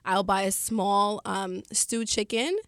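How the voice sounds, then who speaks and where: A woman speaks as a podcast guest in a relaxed, conversational way, often breaking into laughs as she gives practical tips. Her voice sits at a middle pitch and sounds close and dry, with no room around it. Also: slow, no echo. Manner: chatty, laughs often, giving practical advice. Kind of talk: casual podcast chat.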